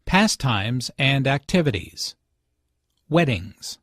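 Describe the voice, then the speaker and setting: Male narrator, mid pitch, very slow explanatory lesson read, dry booth sound. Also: big pitch swings, fairly bright tone, no echo.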